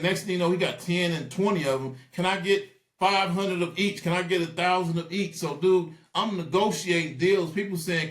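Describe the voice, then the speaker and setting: A man telling stories in a casual interview, animated and acting out the voices of people he quotes. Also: fairly high pitch, reverberant. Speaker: guest.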